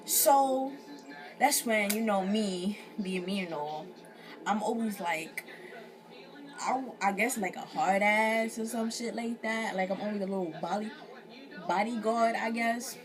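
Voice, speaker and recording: A woman's voice: mid-range voice, measured pace, music in the background. A young woman vlogger casually telling a personal story, slangy and profane, acting out what people said. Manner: animated, slangy, profane, acts out quotes.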